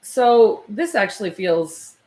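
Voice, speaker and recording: A woman's voice: medium pitch, very animated. Hesitant woman giving a medium reading. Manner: hesitant, searching, many fillers and restarts; soft and slow when channeling messages. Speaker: psychic medium.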